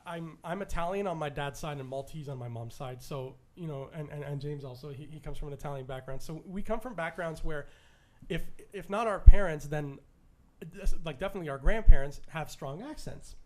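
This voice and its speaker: An enthusiastic Canadian man co-hosting a casual podcast, his voice sitting a little high for a man. He stumbles and restarts his sentences as he gets excited. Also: brisk. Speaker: podcast co-host.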